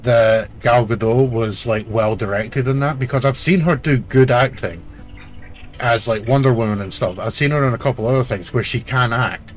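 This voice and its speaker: A man's voice: medium pitch, moderate pace. Male co-host, blunt and sweary, casual argumentative banter over a game. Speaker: let's play co-host. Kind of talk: casual chat over gameplay.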